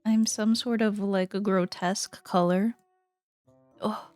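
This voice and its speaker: A woman's voice: medium pitch, steady tone, takes it slowly, darkish tone, no echo, soft background music. A woman streamer in casual, playful chat with her viewers, giggling often.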